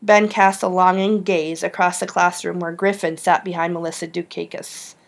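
A woman's voice: moderate pace, creaky. Woman reading a children's novel aloud. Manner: reads dialogue with lively shifts in pitch. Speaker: audiobook reader. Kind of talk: storybook narration.

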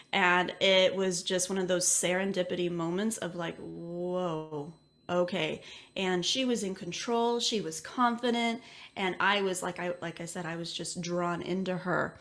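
A woman's voice: lowish voice, a bit bright. A woman who is an intuitive medium, telling a personal story casually with many filler words. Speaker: intuitive medium, interview guest.

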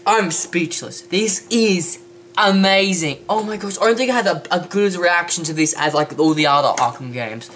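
An excitable woman, gushing and squealing over a let's play. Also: lowish voice, moderate pace, a little hiss or hum. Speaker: gaming channel host.

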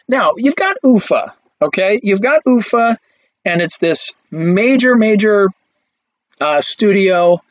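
This recorded lecture on film history features a fairly high-pitched male speaker who talks conversationally, often using fillers and starting over. There's no room sound, and the audio is dull, lo-fi and dry.

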